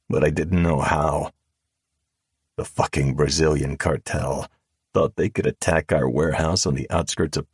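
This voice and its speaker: Very deep, slow, husky male narrator. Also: no echo, clean studio sound. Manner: calm, measured drawl. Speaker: audiobook narrator. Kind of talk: first-person audiobook narration of a dark romance. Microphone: close studio mic.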